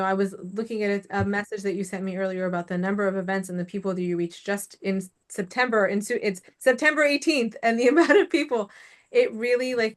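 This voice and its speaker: Chatty woman host, filler-heavy. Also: mid-range voice. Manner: chatty, many "like" and "you know" fillers. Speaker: podcast host, suicide prevention educator. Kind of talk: casual interview chat.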